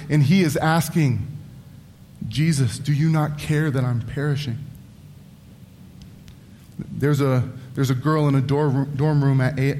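Pastor, man in his thirties, fairly high voice, earnest sermon with wry asides, long church-hall reverb. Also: a little mellow, slight background noise.

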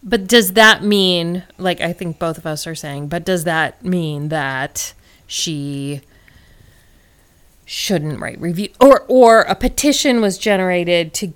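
A woman's voice: fairly low pitch, slow pace, clean tone. A woman co-hosting a podcast in casual chat, hesitant and full of restarts. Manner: hesitant, restarts and trailing asides. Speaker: podcast co-host.

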